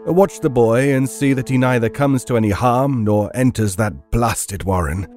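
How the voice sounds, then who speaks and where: A man voicing a stern, commanding investigator giving clipped orders in a lowered voice. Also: normal speed, darkish tone, soft background music, close to an everyday voice.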